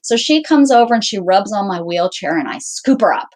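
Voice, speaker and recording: A woman's voice: mid-range voice, a little fast. A woman hosting her own channel, casually telling a story to her viewers, acting out what everyone said and restarting her sentences often. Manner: animated, acts out quoted dialogue; rambling with frequent restarts. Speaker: channel host.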